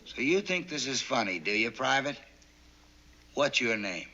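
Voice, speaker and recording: An actor playing a stern, sarcastic Marine drill sergeant who barks orders and counts cadence, in a 1960s sitcom. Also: male voice, medium pitch, sing-song, a little slow, bright, forceful tone, a little hiss or hum, full character voice. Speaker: drill instructor. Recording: dull old TV soundtrack.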